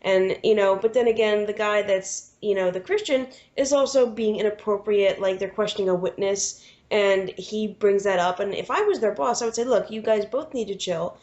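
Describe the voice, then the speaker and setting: A woman's voice: mid-range voice, normal speed, few pauses, a little mellow. A woman co-hosting a podcast in casual chat, rambling and acting out film scenes with lots of "you know". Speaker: podcast co-host. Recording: dull lo-fi podcast sound.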